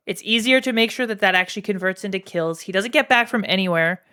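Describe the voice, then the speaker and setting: Quick-paced and clear, her mid-range voice sounds bright, forceful, and resonant. This Canadian-accented streamer ranks game characters live, talking bluntly and profanely with plenty of fillers and remarks to her chat.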